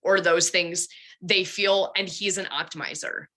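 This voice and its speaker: A young woman telling animated, chatty stories in a casual podcast conversation. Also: fairly low pitch, normal speed, noisy background.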